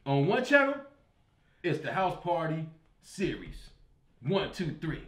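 A man hosting a comedy debate show, loud and joking, laughing often. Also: a little high, very animated, slow pace. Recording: echoey room with loud crowd.

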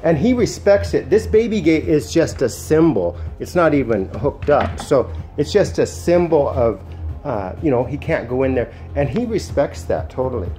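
A man who sits and trains dogs, explaining casually at home. He alternates soft, soothing praise with short, firm commands. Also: a little high, big pitch swings, normal speed, faint music behind. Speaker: dog sitter and trainer. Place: indoors at home.

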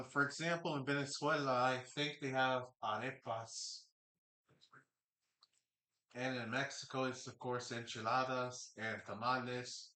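A man rambles casually through a live sports reaction and eats between remarks. His voice sits at a middle pitch, and the room around him rings with a noticeable echo. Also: bright, forceful tone. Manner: rambling and chatty, eating while talking.

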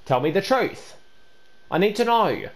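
A man hosting a gameplay video, stammering and repeating words, then scolding another player loudly. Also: high voice, very animated, measured pace. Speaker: gaming channel host. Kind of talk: casual gameplay chat.

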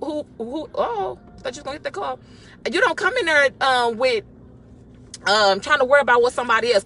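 A woman giving a lively, exhorting devotional while driving, recorded on a phone in her car. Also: high voice, a little hiss or hum. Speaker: church member giving a devotional. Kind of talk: casual spoken devotional.

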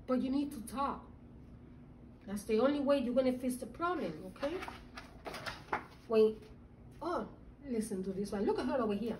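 A woman teacher with a high, bright voice reads a feelings lesson aloud to small children. She is animated and acts out the children's moods as she goes. The sound is roomy and a little distant, with faint background noise. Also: normal speed, pauses often. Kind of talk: reading a social-emotional lesson to young children. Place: classroom.

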